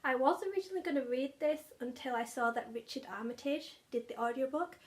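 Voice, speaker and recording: A woman's voice: high-pitched, a little fast. A young woman, chatting enthusiastically about favourite audiobooks, often repeating words for emphasis. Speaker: book vlogger. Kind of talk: casual chat.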